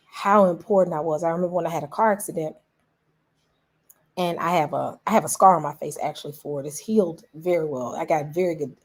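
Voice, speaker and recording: A woman's voice: fairly low pitch, a little mellow. A middle-aged woman hosting her own vlog, talking straight to her viewers in an emotional, casual way and repeating phrases for emphasis. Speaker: vlog host.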